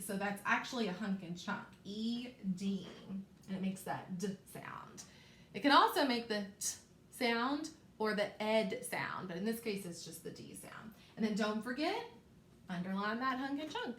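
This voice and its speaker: A woman teacher giving a phonics lesson to young children, stretching out words slowly and encouraging them. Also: fairly high pitch, a bit bright. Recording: echoey room, faint background noise.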